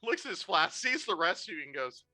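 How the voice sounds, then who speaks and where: A game master narrating a tabletop game in an animated, laughing, loose way. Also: medium pitch, fairly quick, faint music behind.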